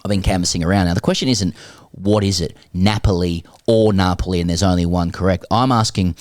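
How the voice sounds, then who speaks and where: A man's voice: low-pitched, quick pace, dry recording, clean studio sound. An Australian man co-hosting a sports podcast, reading listener emails aloud in a wry, theatrical way with frequent laughs. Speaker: podcast co-host.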